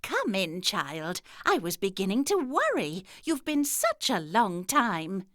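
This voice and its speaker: A woman's voice: medium pitch, wildly swooping pitch, takes it slowly, a bit bright, no room sound, studio quality, full character voice. A woman voicing a kindly, fussing old grandmother from a storybook.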